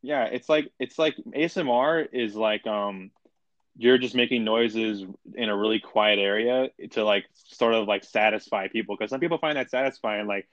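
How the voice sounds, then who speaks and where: A man's voice: fairly low pitch, normal speed, a bit bright, dry recording, muffled recording. A young man co-hosting a casual podcast chat, blunt and opinionated, talking in slangy, run-on sentences. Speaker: podcast co-host.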